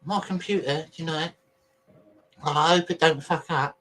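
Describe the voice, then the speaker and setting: A man's voice: fairly high pitch, steady tone, normal speed, fairly bright tone. A man hosting a casual livestream, rambling chattily to his viewers and swearing freely while he sorts out videos on his computer. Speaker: livestream host.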